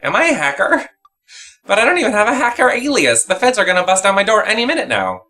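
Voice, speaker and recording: A playful, theatrical host reads a game aloud and jokes along the way. His voice is bright and forceful, bouncing widely through his range. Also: sits high, huge pitch swings, fast, soft background music. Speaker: let's play host. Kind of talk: reading a visual novel aloud with commentary.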